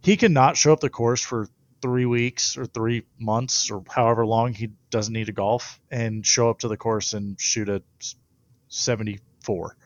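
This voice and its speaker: A young man, a baseball pitcher, telling stories in a casual interview and laughing often. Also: steady tone, moderate pace, dull audio.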